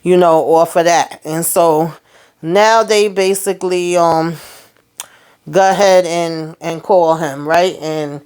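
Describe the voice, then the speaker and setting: A woman's voice: on the low side, fairly even intonation, takes it slowly, darkish tone, clear, resonant tone. A young adult woman recapping a TV episode in a loose, slangy, casual monologue, acting out the characters' lines as she goes. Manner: chatty, acts out characters' lines in quotes; loose slangy phrasing with fillers. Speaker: TV episode reviewer.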